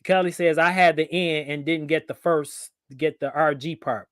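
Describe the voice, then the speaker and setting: A man's voice: fairly high pitch, steady tone, moderate pace, no room sound, studio quality. Playful man hosting a livestream. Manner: playful, reads viewer comments aloud, laughs often. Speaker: livestream host. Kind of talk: casual livestream chat.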